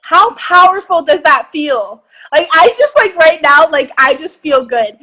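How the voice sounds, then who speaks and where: A young woman leading a group on a video call, giving an excited, emphatic motivational talk with casual swearing. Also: high voice, measured pace, rough recording. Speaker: group leader.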